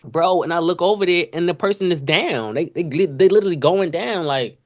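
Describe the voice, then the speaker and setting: A man hosting a podcast, telling casual stories from restaurant kitchens in an animated, slangy way, acting out sounds and coworkers' voices. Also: fairly high pitch, brisk. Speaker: podcast host. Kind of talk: casual storytelling monologue.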